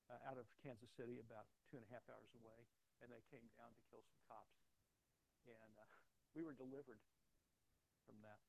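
Earnest pastor telling a story. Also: male voice, medium pitch, fairly even intonation, vocal fry, a little mellow, no echo, lo-fi sound. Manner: earnest, halting with repeated restarts. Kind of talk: sermon with personal story.

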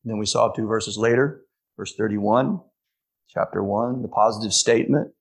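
A pastor preaching a sermon, emphatic, slowing down to stress key phrases. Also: male voice, lowish voice, fairly even intonation, slightly rough.

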